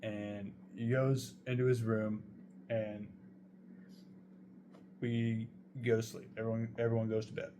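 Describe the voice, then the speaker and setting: A man's voice: on the low side, little pitch movement, measured pace, long pauses, dark tone, a little hiss or hum. A young man casually telling a true story, rambling and swearing heavily as he goes. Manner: profane, rambling, heavy swearing.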